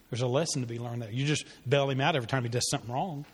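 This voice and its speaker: A man's voice: medium pitch, rapid-fire, hardly any pauses, husky. A man leading a church parenting class, talking earnestly and conversationally, with fillers and restarts. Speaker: pastor teaching a parenting class. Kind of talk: sermon-style teaching with a story. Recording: long hall reverb.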